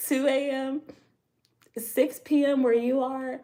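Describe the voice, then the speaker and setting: A woman's voice: high voice, flat delivery, slow, mellow. An American woman hosting a casual tarot livestream from home, chatting with viewers in loose slangy talk and laughing often. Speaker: tarot reader livestream host.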